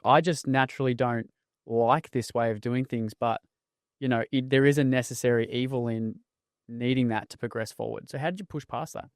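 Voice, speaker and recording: A man's voice: mid-range voice, clear, resonant tone, dry recording, studio quality. A man hosting a podcast who asks rambling questions and rephrases them as he goes. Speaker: podcast host. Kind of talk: casual podcast interview.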